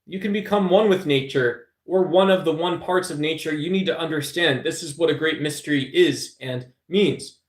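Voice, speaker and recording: A man with a somewhat high voice rambles to his live chat, preachy and loose, calling his listeners brother. He is recorded at home in a noticeably echoey room. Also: moderate pace, few pauses. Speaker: live stream host. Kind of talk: casual political rant to chat.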